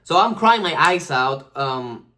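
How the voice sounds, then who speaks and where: A man's voice: a little high, expressive, a little slow, sharp tone. A man in his twenties telling a casual storytime, rambling, swearing and full of slang and fillers. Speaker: vlogger.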